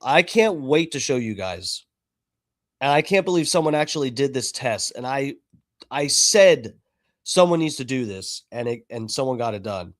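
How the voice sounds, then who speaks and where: A man's voice: mid-range voice, sing-song, normal speed. A man hosting a live stream, chatting casually and swearing freely as he talks to his viewers. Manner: chatty, profane, talks to chat. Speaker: livestream host.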